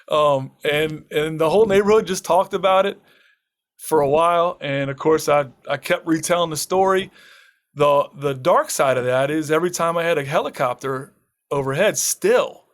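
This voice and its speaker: At a moderate pace and fairly high pitch, the permaculture farmer and author relates a dramatic personal story as a podcast guest. He acts out the lines of the people in it, laughing often.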